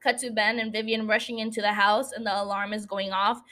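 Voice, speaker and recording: A woman's voice: mid-range voice, little pitch movement, a little fast, pushed and bright. A young woman hosting a podcast, casually recapping a TV episode, chatty and teasing, swearing freely and laughing at her own asides. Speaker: podcast host.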